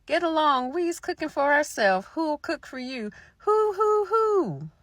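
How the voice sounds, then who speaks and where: Shrill old witches, voiced by a woman storyteller, cry out in a high, hooting sing-song like owls. The calls leap well above the narrator's own voice and ring out loud. The sound is close and dry, with no room around it. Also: sing-song, slow pace, dry recording, full character voice.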